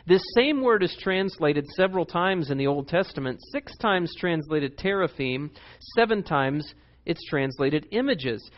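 High-voiced preacher, dull recording. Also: male voice, measured pace. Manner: animated, emphatic, reads scripture aloud. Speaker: pastor. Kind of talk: sermon.

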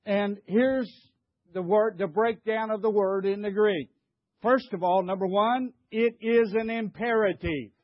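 A man's voice: sits high, measured pace, dry recording, highs cut off. An older man preaching a sermon, emphatic, stammering and repeating himself as he questions the congregation. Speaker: pastor.

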